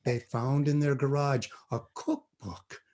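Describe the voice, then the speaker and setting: A man voicing a deadpan father who tells a spooky campfire tale in a low, hushed, drawn-out voice. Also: slightly rough.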